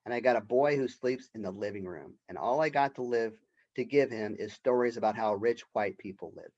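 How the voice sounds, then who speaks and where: A man's voice: lowish voice, brisk, a little mellow, dull audio, natural voice. A man reading as Walter, a frustrated dreamer.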